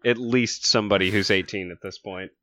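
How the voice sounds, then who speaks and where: A man's voice: on the low side, steady tone, fairly quick, pushed and bright. A man co-hosting a casual podcast, tossing in wry jokes and laughing asides. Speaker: podcast co-host. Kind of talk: casual chat.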